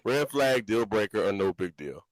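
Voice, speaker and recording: A man's voice: lowish voice, very animated, moderate pace, low-quality recording. A man hosting a podcast in casual chat, playful as he leads a game of set scenarios. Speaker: podcast host.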